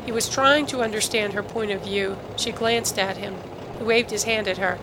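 A woman narrates a novel for an audiobook. Her voice sits at a middling pitch and her delivery is even and steady. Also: moderate pace, background noise. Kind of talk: scripted narration.

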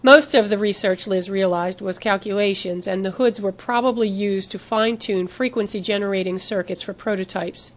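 A woman narrating a novel in an even, steady scripted reading. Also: medium pitch, moderate pace, few pauses. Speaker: audiobook narrator.

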